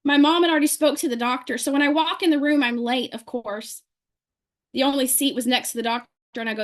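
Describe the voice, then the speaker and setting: High-voiced woman telling a lively story. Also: fast talker. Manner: lively, acts out quoted people in her story. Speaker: speaker sharing a testimonial. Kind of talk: animated storytelling to a group.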